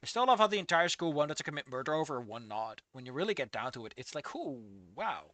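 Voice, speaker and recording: A woman casually reacting to a fanfic, exasperated and swearing freely, yelling at the characters, laughing often and trailing off into low mutters. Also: expressive, fast. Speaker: fanfic reader and commentator.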